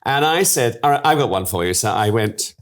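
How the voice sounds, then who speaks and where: An older man, appearing as an interview guest, spins anecdotes in a theatrical, gushing manner and laughs a lot. His voice sits at medium pitch and sounds animated, moving a little fast.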